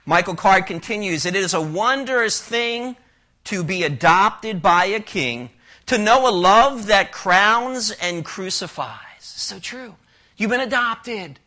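A man's voice: high-pitched, lively intonation, takes it slowly, bright, forceful tone. A man preaching an expository sermon, quoting scripture and asking the listeners rhetorical questions.

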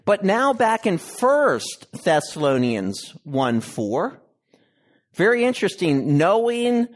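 A male pastor reading scripture and preaching an expository sermon, with emphatic pauses and a deliberate delivery. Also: high voice, big pitch swings.

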